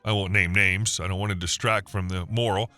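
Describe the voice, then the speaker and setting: A man narrating a scripted first-person story in an even storytelling manner. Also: low-pitched, brisk, soft background music.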